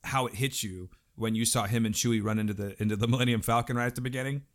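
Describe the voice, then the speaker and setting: Fast-talking hoarse American man. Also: medium pitch, fairly even intonation. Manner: quick, talkative, apologetic asides. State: hoarse, losing his voice. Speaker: podcast co-host. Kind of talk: casual chat.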